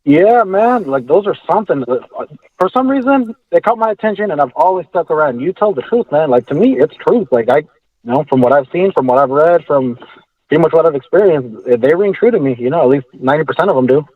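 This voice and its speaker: A male caller on a call-in show, talking in a rambling, halting way full of fillers. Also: on the high side, animated, dry recording. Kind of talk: casual phone call. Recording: tinny phone line.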